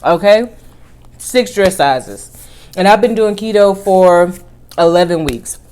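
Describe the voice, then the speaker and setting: A woman vlogger telling a personal story in casual chat, animated, with lively swings in pitch and volume. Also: takes it slowly.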